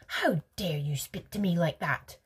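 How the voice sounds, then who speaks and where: A woman reading a story plays a snobbish rich mother who is quick to take offence. She speaks in a haughty, indignant way. The voice is husky and breathy. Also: fairly low pitch. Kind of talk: storybook read-aloud.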